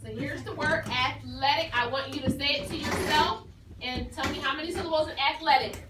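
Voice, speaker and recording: A woman's voice: high-pitched, brisk. A woman teacher giving a phonics lesson to a class, explaining patiently and encouragingly. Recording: echoey room from far off with noise.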